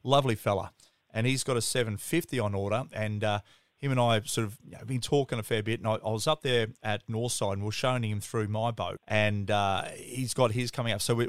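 A man's voice: medium pitch, no echo. Matey Australian male podcast host. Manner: matey, enthusiastic, says mate often. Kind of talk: casual chat interview.

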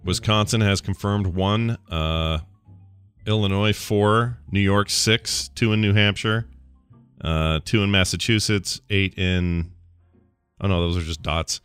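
A man with a lowish voice co-hosts a casual podcast. He reads listener emails aloud and breaks off for wry joking asides. The sound is close and dry, with faint music under it. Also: slow pace, a bit bright, clean tone, no room sound. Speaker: podcast co-host.

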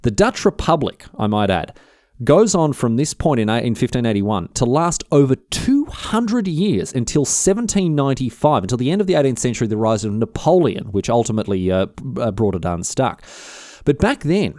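A man with an Australian accent tells a history story in a chatty, slangy way, often restarting his sentences. His pitch moves a lot, with an animated lift. The sound is dry and close. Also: normal speed, dry recording.

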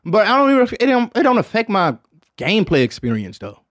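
A man's voice: high voice, wildly swooping pitch, fairly quick, fairly bright tone, no echo, clean studio sound. A man from Detroit hosting a podcast in casual chat, rambling and slangy and swearing often, with "man" at the end of many lines. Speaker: podcast host.

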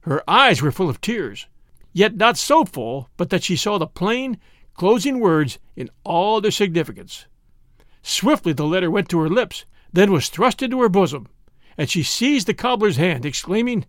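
Lively, high-voiced male storyteller. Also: normal speed, no room sound, clean studio sound. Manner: expressive storytelling, lively delivery. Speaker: narrator. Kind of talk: audiobook reading of a classic story.

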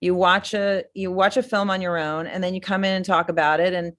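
A woman's voice: fairly low pitch, little pitch movement, fairly quick. A middle-aged woman guest in a casual interview, rambling enthusiastically with many fillers and restarts. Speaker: filmmaker guest.

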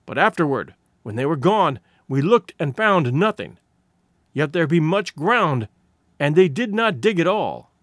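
A man's voice: a little high, very animated, a little slow, no room sound, studio quality. A man voicing a shrewd tribal orator making a rhetorical, building speech in a storybook reading. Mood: rousing.

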